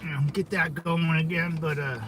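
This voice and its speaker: A man's voice: a little high, steady tone, moderate pace, a bit bright, a little hiss or hum, rough recording. A man livestreaming casually from his car, rambling loosely and greeting viewers by name. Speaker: vlogger streaming while driving.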